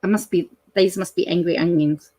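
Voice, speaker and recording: A middle-aged Australian woman who hosts her own channel reads a fast-food menu aloud in a casual, rambling chat. Her voice sits on the low side, and she fills it with plenty of ums and bursts of excited laughter.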